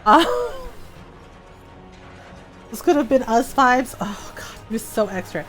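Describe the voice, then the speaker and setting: Woman, game streamer, casual chat, fairly high voice, animated, frequent laughter, faint music. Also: slow.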